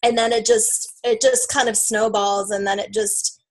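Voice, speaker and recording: A woman's voice: a little high, flat delivery, normal speed, rough recording. A woman telling her own story in a casual, emotional way, tearful at times, with lots of fillers and quoted self-talk. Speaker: team member sharing her story.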